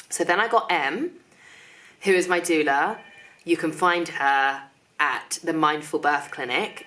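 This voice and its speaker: Chatty low-voiced young woman vlogger. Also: a bit bright. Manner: chatty, quick, full of fillers like "like"; shifts into a high sing-song voice talking to her child. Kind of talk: casual storytelling to camera.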